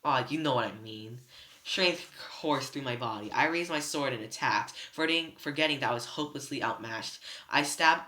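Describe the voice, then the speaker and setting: A reader narrating a novel chapter aloud in first person, steady but with slips and restarts. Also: medium pitch, normal speed. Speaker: student reader. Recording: roomy echo.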